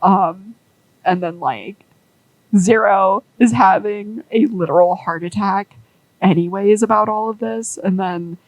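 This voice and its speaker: A woman's voice: medium pitch, measured pace, no room sound, low-quality recording. Young woman rambling thru a fan story, lots of "like", dry close mic. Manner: rambling, filler-heavy, amused. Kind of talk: casual storytelling monologue.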